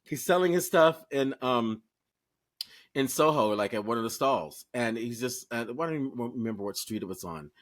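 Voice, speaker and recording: A man co-hosting a podcast, chatting casually and telling a lively story, talking straight to listeners and swearing freely. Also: medium pitch, normal speed. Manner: animated storyteller who acts out quoted voices. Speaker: podcast co-host. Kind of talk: casual chat.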